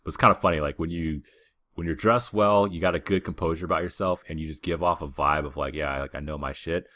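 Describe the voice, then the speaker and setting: Very deep-voiced laid-back man. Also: steady tone, fast talker, sharp tone, no room sound. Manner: rambling, filler-heavy, laid-back. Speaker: podcast host. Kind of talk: casual travel storytelling.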